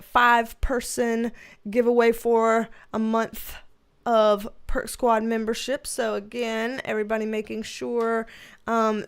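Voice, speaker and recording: A woman's voice: a little high, clear, resonant tone. Tired, chatty woman streamer. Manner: chatty, greets viewers by name, laughs often. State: tired, yawning. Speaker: tarot reader streamer. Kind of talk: casual livestream chat.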